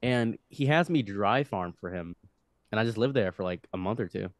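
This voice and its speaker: Brief: young male podcast guest, animated storyteller with a lively swinging voice, dry close sound. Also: lowish voice, moderate pace, dry recording. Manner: animated, with frequent restarts and acted-out quotes. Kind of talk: storytelling in casual conversation.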